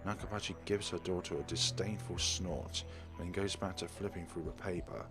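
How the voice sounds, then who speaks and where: A man hosting a let's play, reading a visual novel's first-person narration aloud in a steady, quiet way. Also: sits low, moderate pace. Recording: game music underneath.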